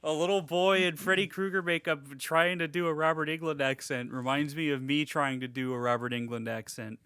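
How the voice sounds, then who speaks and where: Podcast co-host, young man, rambling and profane, bright forceful voice, dry close sound. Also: on the high side, fairly even intonation, a little fast, clean tone, no echo. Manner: rambling, swears a lot, many restarts. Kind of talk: casual chat.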